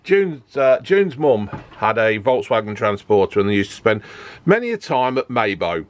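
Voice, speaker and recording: A man's voice: fairly low pitch, sing-song, normal speed. A man chatting casually to camera about his camper van build, joking and filling gaps with ums and uhs. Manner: chatty, joking, lots of fillers.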